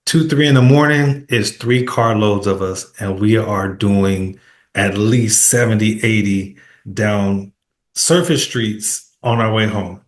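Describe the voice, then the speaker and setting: A man hosting a casual interview podcast, telling a story in an animated way and acting out the quotes. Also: on the low side, slow pace. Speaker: podcast host. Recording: echoey room.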